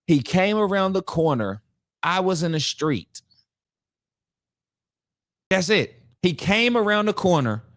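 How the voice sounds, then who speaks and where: Animated man giving reaction commentary. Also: sits high, takes it slowly, long pauses, dry recording, clean studio sound. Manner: animated, incredulous, acts out quotes. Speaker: podcast host reacting to a video.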